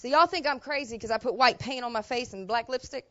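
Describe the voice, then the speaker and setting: A woman pastor preaches in a fairly high voice, telling a personal story in folksy everyday speech. She sinks to hushed asides and then breaks into loud, emotional outbursts. The church recording sounds muffled and lo-fi. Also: fast talker. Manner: colloquial, swings between quiet asides and loud emotional bursts. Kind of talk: storytelling sermon. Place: church sanctuary.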